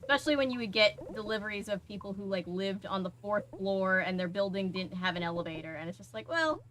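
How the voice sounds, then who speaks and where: Chatty bright-voiced young woman streamer. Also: medium pitch, steady tone, fast talker, a little hiss or hum. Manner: chatty, talks to the game and to viewers. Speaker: game streamer. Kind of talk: casual gameplay commentary.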